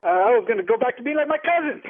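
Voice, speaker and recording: A man's voice: very high-pitched, no echo. A man on a phone call, arguing indignantly and firing off insults. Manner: indignant, insulting, rapid-fire retorts. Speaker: prank call target. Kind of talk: heated phone argument. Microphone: telephone. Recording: tinny phone line.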